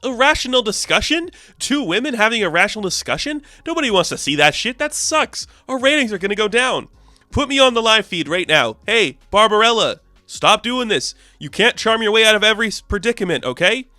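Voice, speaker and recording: A man's voice: sits high, big pitch swings, a little fast, no room sound, pitched above the performer's own voice, full character voice. A man voicing a greedy, bossy male TV director who rants and mocks. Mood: ranting. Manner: loud, ranting, mocking.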